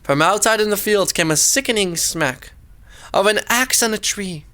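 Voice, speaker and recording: Man narrating a rhyming storybook, high bright voice, sing-song and dramatic. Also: lively intonation, normal speed. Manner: sing-song rhyming delivery, pitch swooping up and down.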